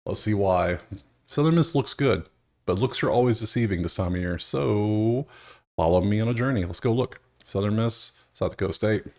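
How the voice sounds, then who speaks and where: A man's voice: lowish voice, moderate pace, darkish tone. A man hosting a sports betting video, chatting casually to himself as he scrolls through stats, with wry, exasperated asides. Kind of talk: casual solo commentary over stats.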